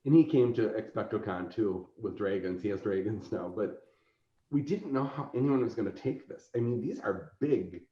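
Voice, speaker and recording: A man telling convention stories in casual chat, lively and laughing, acting out quotes. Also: lowish voice, normal speed. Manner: animated, laughing, acts out quoted voices. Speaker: convention organizer, podcast guest. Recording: roomy, dull lo-fi sound.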